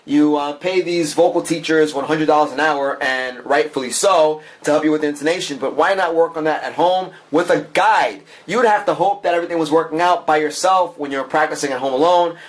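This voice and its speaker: A man reviews a music app in a chatty, enthusiastic walkthrough, full of fillers and frequent asides to the viewer. His voice is fairly high and he talks fairly quickly with few pauses.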